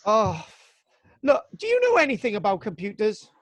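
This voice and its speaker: Teaching archaeology to young learners in a live video-call class, this man from Britain is jokey and eager, mock-exasperated, with "right?" tagged onto his sentences. His voice is high, he keeps a moderate pace, and the audio has no echo.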